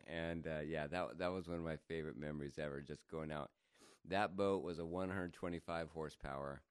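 A man telling a funny story in casual chat, laughing often and jumping higher when he quotes people. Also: moderate pace, clear, resonant tone, no room sound, studio quality. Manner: animated, laughs often, jumps to higher pitch for quoted voices.

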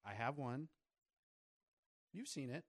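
A man chatting casually as a podcast co-host, easygoing and relaxed. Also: mid-range voice, slow, no room sound, clean studio sound. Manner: easygoing, short reactions. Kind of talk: casual chat.

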